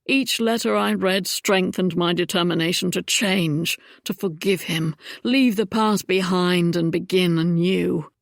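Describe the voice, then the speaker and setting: A woman's voice: on the low side, unhurried, creaky, hardly any pauses, no room sound, clean studio sound. A woman voicing a charming, roguish young Regency duke in an audiobook, speaking wryly and then earnestly.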